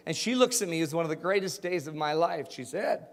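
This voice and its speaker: A man's voice: high voice, brisk, hardly any pauses. A man in his forties from Utah, a motivational speaker telling funny personal stories and quizzing his audience. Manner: animated, jokey, asks the audience questions. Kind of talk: storytelling keynote talk. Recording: hall with long reverb.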